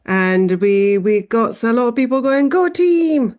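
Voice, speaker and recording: A woman producing a live stream gives quick, upbeat updates on viewer comments. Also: mid-range voice, darkish tone, clear, resonant tone. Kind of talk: casual live-stream chat.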